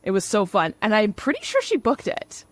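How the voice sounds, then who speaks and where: A woman from Canada hosting a podcast interview, chatty and quick to laugh. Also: medium pitch, huge pitch swings, no echo. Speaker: podcast host.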